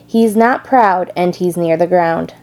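A woman doing a wise, gentle spider. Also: unhurried, low-quality recording. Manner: gentle, low voice. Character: wise, gentle female spider, calm and kind.

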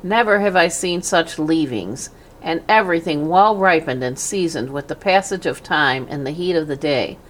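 A woman voicing a greedy, gluttonous male rat with a husky, hoarse voice and a smug, snarling manner. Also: low voice, moderate pace. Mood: smug, gloating.

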